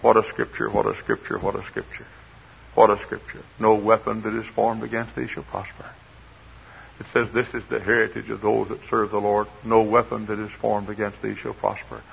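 An older man preaching a sermon, swinging from quiet asides to shouted exhortation, on an old recording. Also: lowish voice, vocal fry, highs cut off, a little hiss or hum. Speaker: pastor.

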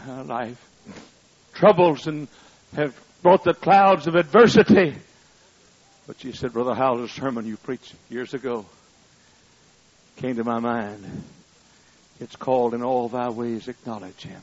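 An older man preaching a sermon, swinging between loud shouted appeals and quiet storytelling. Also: mid-range voice. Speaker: pastor. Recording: muffled, lo-fi.

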